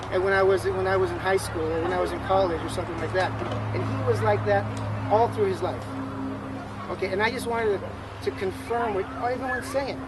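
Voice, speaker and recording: A middle-aged man speaking at a memorial for an old friend, in a halting way with many restarts and fillers. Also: high-pitched. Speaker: friend giving a eulogy. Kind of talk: memorial tribute speech. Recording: loud outdoor urban background noise.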